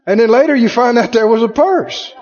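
A man's voice: very high voice, a little mellow. A man preaching a sermon as pastor, telling folksy stories, laughing, and acting out the people he quotes. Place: church sanctuary. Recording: dull, lo-fi church recording with long reverb. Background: congregation answering amen.

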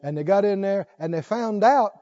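At a normal pace, a high-voiced man with a dark tone preaches, posing questions to his congregation and reading scripture with mounting intensity. The highs are cut off in the recording.

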